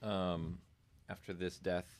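Low-voiced man recapping a movie. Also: little pitch movement, takes it slowly, no echo. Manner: retells the plot, acting out quoted lines. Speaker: podcast co-host. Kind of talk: casual movie recap chat.

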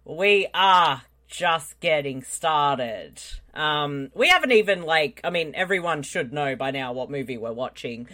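A woman hosting a live podcast, chatting casually and playfully, often trailing off quietly. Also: deep voice, expressive, measured pace, few pauses. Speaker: podcast host.

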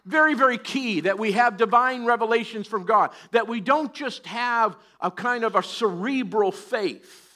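A man's voice: extremely high pitch, moderate pace, hardly any pauses, sharp tone. A middle-aged man preaching a sermon, animatedly acting out scripture voices. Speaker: pastor.

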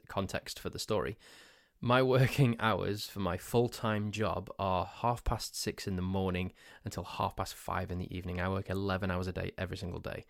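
A man's voice: on the low side, no echo, studio quality. A man hosting a solo podcast, telling a story in a rambling, self-mocking way. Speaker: podcast host.

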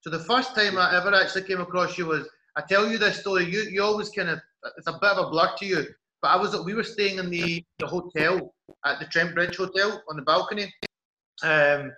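A man's voice: high-pitched, brisk, bright, forceful tone, roomy sound, low-quality recording. A man hosting a casual interview, chatty and friendly, recounting memories and reading out statistics. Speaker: host.

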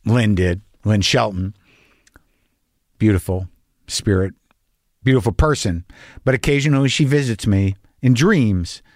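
A man's voice: fairly low pitch, unhurried, long pauses, darkish tone, dry recording, studio quality. A man hosting a podcast, talking in a rambling, profane, stop-and-start monologue. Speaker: podcast host. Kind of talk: casual monologue.

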